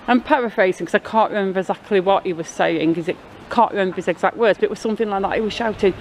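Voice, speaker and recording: The audio is poor as a Blackpool woman with a medium-pitched voice talks briskly through a walking vlog. Holding her camera and using its mic, she wanders a busy town street, rambling casually through a story over the street noise.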